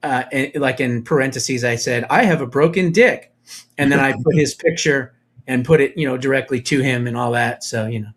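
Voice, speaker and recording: A man's voice: mid-range voice, fairly even intonation, fairly quick. Male talk radio host from New Jersey, mocking tone, loose rambling delivery. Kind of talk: casual political talk radio banter.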